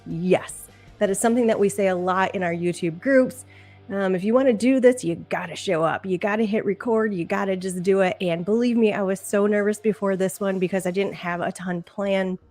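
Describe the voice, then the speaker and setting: Hosting a laid-back live-stream podcast, this woman talks in a chatty, emotional way and laughs frequently. Her voice is mid-range with a darkish tone and a slightly fast pace, and faint background music can be heard.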